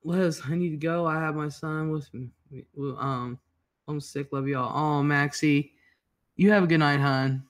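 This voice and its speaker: On headphones and a computer mic, a male livestream host greets chatters by name and reads out viewer comments. He is laid-back, profane and rambling, and his voice sits on the high side with fairly even intonation at a measured pace.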